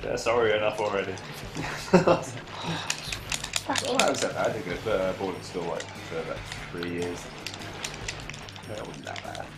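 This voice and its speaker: A man jokes and puns over a co-op game, his voice jumping around in pitch. The room sounds roomy and echoey, and game music plays clearly behind him. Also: big pitch swings, normal speed, pauses often. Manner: joking, punning, laughing. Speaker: co-op gaming guest. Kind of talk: casual gameplay banter.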